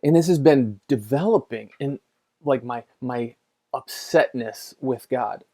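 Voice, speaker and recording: A man's voice: medium pitch, a little slow, warm tone. A middle-aged man, a pastor, telling a story in a casual conversational sermon, chatty with lots of fillers and restarts.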